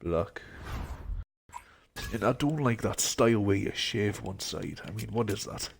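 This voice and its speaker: A man's voice: fairly low pitch, lively intonation, unhurried, creaky, a little hiss or hum. A young man who is unwell, rambling to himself in casual gaming stream commentary. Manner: rambling, mumbling asides to himself. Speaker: game streamer.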